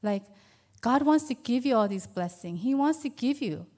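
A woman's voice: on the high side, animated, moderate pace, a little mellow. A woman in her fifties giving a personal church testimony as an adoptive mother, earnest and conversational with many fillers. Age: 50s.

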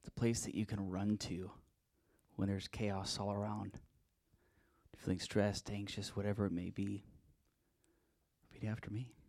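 A man's voice: lowish voice, flat delivery, measured pace, pauses often, darkish tone. A man preaching as a pastor, leading the congregation in repeat-after-me prayers and declarations. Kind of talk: charismatic sermon and prayer ministry.

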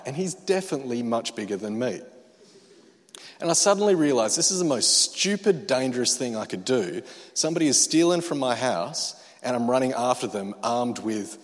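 A man with an Australian accent, a pastor preaching a sermon and telling a personal story, starting quiet and reflective, then telling it with rising energy. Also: medium pitch, long reverb tail. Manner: quiet and reflective, growing loud and excited as the story builds.

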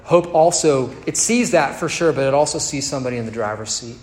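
A male pastor preaching a sermon, moving between soft tender passages and emphatic rising peaks. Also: mid-range voice, fairly quick. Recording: echoey hall with faint ambience.

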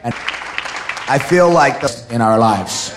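A man preaching a sermon to his congregation, building up to shouted declarations. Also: mid-range voice, expressive, takes it slowly, crowd noise, background noise. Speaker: pastor.

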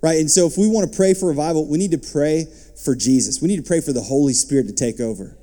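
A man as pastor, preaching a sermon and reading scripture, lifting his voice and dropping to soft asides. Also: on the high side, quick pace.

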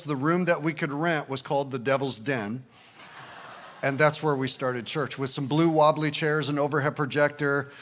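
A man in his fifties, a pastor, preaching a conversational sermon with frequent "and, uh" fillers, slowing down to read scripture. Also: fairly high pitch, fairly bright tone. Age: 50s. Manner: slows and lifts his voice when reading scripture. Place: visiting church service in the evening.

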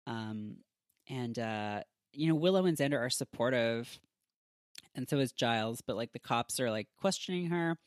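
A podcast host talks through an episode recap in a loose, chatty way, leaning on filler words as the thoughts come. The voice sits at a middling pitch, and the recording is close and dry with no room around it. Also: expressive, moderate pace, no echo.

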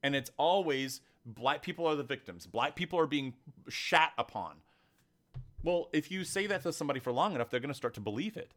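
A man's voice: a little high, brisk. A man co-hosting a podcast, talking in a heated, emphatic way during a casual discussion. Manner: animated, emphatic, heated storytelling. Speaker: podcast co-host.

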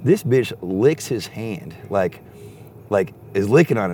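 A man's voice: on the low side, unhurried, a little hiss or hum. A young man telling a rambling, profane story in casual chat and acting out what people said. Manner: rambling, animated, heavy swearing, acts out quotes.

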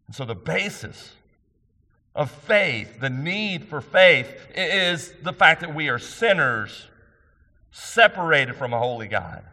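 A man's voice: a little high, big pitch swings, slow, sharp tone. Earnest preaching man in a reverberant hall. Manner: earnest, emphatic preaching with rhetorical questions. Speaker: pastor. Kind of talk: sermon.

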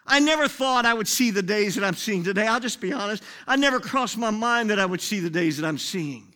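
A man preaching a sermon, dropping to hushed whispers and then rising to shouted, sing-song preaching. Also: sits high, animated, brisk, hardly any pauses.

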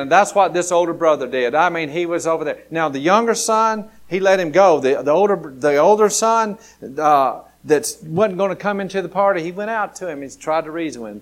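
A man, a pastor, delivering an earnest sermon straight to his listeners, shifting from hushed, slow lines to loud, excited ones. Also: on the high side. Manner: dramatic preaching, swinging from hushed to loud; earnest and direct, addressing listeners.

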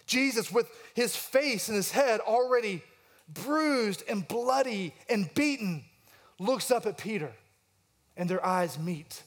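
A man's voice: high voice, expressive, slow. A man preaching an expository sermon, reading verses and acting out the quoted lines, asking his listeners questions. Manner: asks the congregation questions. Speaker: pastor.

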